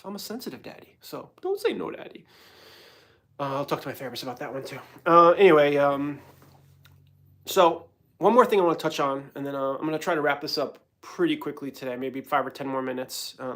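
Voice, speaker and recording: A man's voice: medium pitch, a bit bright. A man from New York hosting a casual livestream, talking in a rambling, hyper, self-mocking way. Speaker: host.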